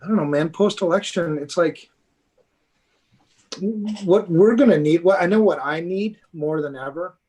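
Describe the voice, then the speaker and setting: A man's voice: a little high, normal speed, darkish tone. A man co-hosting a podcast in casual chat, talking earnestly and at length, with casual swearing. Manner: earnest, rambling, profane. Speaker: podcast co-host.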